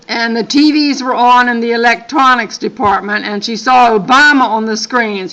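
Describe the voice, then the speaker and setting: A woman's voice: a little high, sharp tone, rough recording. An older woman and grandmother reading a dream account aloud, breaking off for earnest, apologetic asides. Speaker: channel host.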